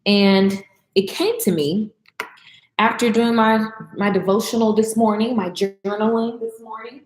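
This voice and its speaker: In a rough recording with a roomy sound, a woman talks at a medium pitch, her tone steady and her pace a little slow. She's a vlogger and business coach chatting casually while cooking in her kitchen, addressing viewers as y'all with Southern slang.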